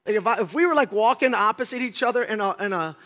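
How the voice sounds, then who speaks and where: Bright, high-voiced preacher telling a story. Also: male voice, quick pace. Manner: animated, self-mocking storytelling with acted-out quotes and deadpan jokes. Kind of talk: storytelling sermon. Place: church stage before a congregation.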